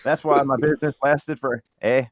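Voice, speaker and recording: A man's voice: medium pitch, steady tone, normal speed, muffled recording, natural voice. A man voicing a middle-aged, frugal, self-justifying Canadian businessman who tacks "eh" onto every sentence, in a comedy podcast bit. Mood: defensive.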